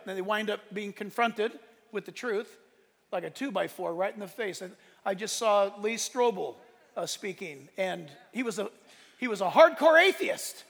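High gravelly preacher guy, acts out stories loud, big church reverb. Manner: animated storytelling, acts out exchanges with loud outbursts. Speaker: pastor. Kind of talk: sermon. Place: church sanctuary.

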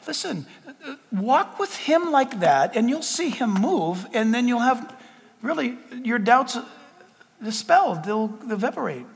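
A man preaches with a high, lively voice that leaps around as he acts out conversations. His delivery is animated and storytelling-driven. The sound carries a long reverb, as in a large hall. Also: unhurried, gravelly. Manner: animated storytelling, acting out dialogue with God. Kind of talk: sermon.

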